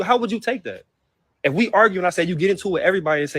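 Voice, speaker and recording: Man, high voice, rapid-fire heated profane rant, hurt and upset; personal vlog to camera. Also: lively intonation, no room sound. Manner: heated, profane, repetitive outbursts. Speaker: vlogger. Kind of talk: emotional personal venting to camera.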